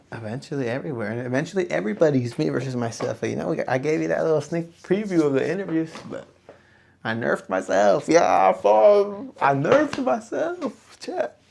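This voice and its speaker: Young male host, gravelly, mid-pitched, loose profane self-talk on camera. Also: darkish tone, a little hiss or hum. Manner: rambling, profane, self-reflective. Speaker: podcast host. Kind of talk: casual solo talk to camera. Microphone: camera on a small tripod.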